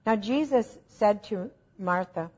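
A woman's voice: medium pitch, slow pace, darkish tone, slightly rough, lo-fi sound. A woman preaching an informal teaching sermon, telling stories in an earnest, conversational and self-deprecating way.

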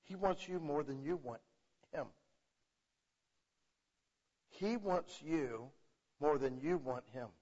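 This Bible teacher speaks slowly in a slightly high voice, leaving long pauses between thoughts. Casual yet animated, he keeps checking in with "okay?", and the recording sounds muffled and lo-fi.

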